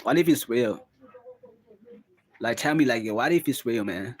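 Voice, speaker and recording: A man's voice: mid-range voice, lively intonation, unhurried. A young man vlogging in a casual confessional monologue, rambling and musing, with constant fillers. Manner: rambling, musing, full of "like" and "bro".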